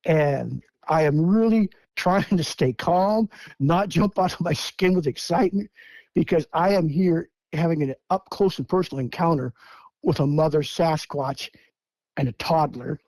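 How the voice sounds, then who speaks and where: A man's voice: a little high, unhurried, darkish tone, dry recording. A man in his seventies from Washington State, a guest telling his story step by step and acting out the lines he quotes. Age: 70s. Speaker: guest eyewitness. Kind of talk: first-person storytelling.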